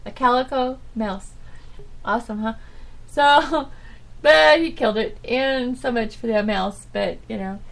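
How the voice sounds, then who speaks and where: A woman hosting her own internet radio show, talking in a halting, rambling, subdued way with nervous little laughs. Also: a little high, creaky. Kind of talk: casual rambling monologue.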